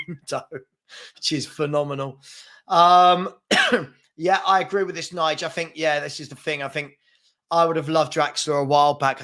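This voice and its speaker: A man with a slightly high, bright and forceful voice hosts a live football fan stream. He chats loosely and reads viewer comments aloud, rambling with lots of fillers, repeated words and restarts.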